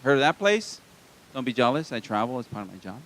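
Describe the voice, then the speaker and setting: A man's voice: mid-range voice, very animated, fast, a bit bright. A man from Hawaii doing a live stand-up set in a small comedy club, with self-deprecating, wry asides to the crowd.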